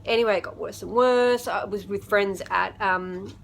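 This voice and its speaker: A woman's voice: mid-range voice, moderate pace, creaky, a little hiss or hum. Aussie woman vlogging to her camera at home, gets a bit emotional, keeps jumping around in her story. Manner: chatty, emotional, jumps between thoughts with restarts. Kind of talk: personal vlog to camera.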